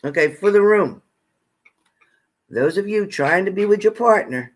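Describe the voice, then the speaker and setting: A man's voice: sits high, animated, a little slow. A man acting as a psychic card reader, giving blunt zodiac messages in profane, repetitive, bossy tough-love commands.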